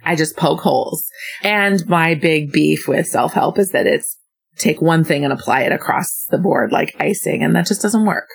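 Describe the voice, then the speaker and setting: Wry skeptic co-host, very low gravelly woman's voice. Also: normal speed. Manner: wry, skeptical, pokes holes. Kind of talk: casual chat.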